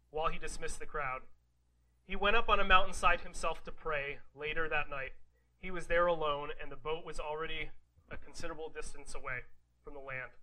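A man preaching a sermon in a raised, bright voice with a sharp, forceful edge. He reads scripture aloud and then unpacks it casually. He keeps turning to his listeners with rhetorical questions and quick "right?" asides. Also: a little high, rough recording. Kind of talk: conversational sermon.

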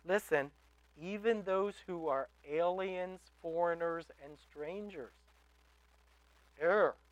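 A male preacher delivers a sermon in a high, clear, smooth voice. He speaks emphatically, swelling to loud calls and falling back to soft asides. The sound is close and dry. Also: takes it slowly, dry recording, poor audio. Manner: emphatic, rising to loud exhortations. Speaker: pastor.

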